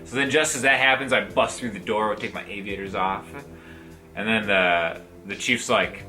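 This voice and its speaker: A young man telling comic movie pitches in a chatty, animated way, acting out the characters he quotes. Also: moderate pace, soft background music. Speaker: comedian pitching movie ideas. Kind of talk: comedic improv pitch.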